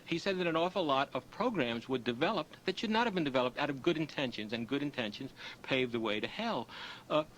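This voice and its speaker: Lecturer, man, lively storyteller, faint room noise. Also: fairly high pitch, low-quality recording. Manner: storytelling, acts out punchlines with raised voice. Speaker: author giving a talk. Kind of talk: lecture with anecdotes.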